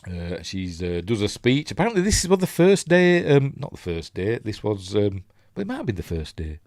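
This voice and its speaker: Yorkshire man, deep low voice, casual commentary, rambling, ums and restarts, dry close sound. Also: sing-song, normal speed, darkish tone, no room sound. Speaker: host.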